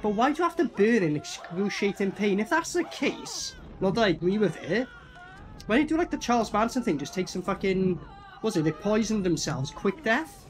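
A film reviewer giving casual, profane reaction commentary and acting out characters in quick asides. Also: medium pitch, lively intonation.

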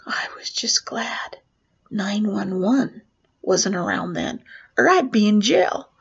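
A woman's voice: mid-range voice, slow, vocal fry, breathy edge, muffled recording. A woman who works as a professional clown tells a personal story, acting out the voices and dropping to whispers. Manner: animated, acts out voices and drops to whispers.

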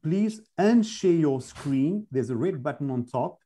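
Brief: man, session moderator, insistent but calming, warm and slightly high. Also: measured pace. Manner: insistent, patient, repeats instructions. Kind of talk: giving instructions on a video call.

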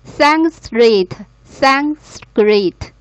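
A woman student repeats vocabulary words with great care over a muffled online call. Her pace is very slow and her voice slightly high. The sound is dry and close. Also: lively intonation, no room sound. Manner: careful, repeats each word. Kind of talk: pronunciation drill.

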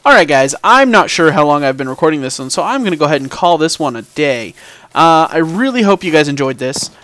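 A gaming channel host with a fairly high, brisk, slightly bright voice and lively intonation chats casually while playing, thinking aloud and humming small sound effects as he talks to the game. The voice itself is dry with no room sound, though mouse and keyboard clicks and background noise come through.

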